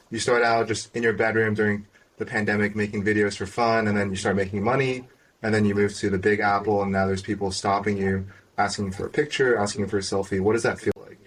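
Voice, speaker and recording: A man hosting a podcast, asking measured, well-formed interview questions. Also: on the low side, a bit bright, far from the mic. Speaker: podcast host.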